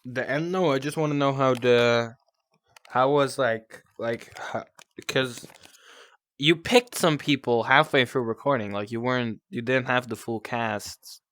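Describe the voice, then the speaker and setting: A man's voice: mid-range voice, unhurried, a bit bright, dry recording. A young man from the Netherlands with a Dutch accent, hosting a casual podcast chat and teasing his guest. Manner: chatty, teasing, many fillers. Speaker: podcast host.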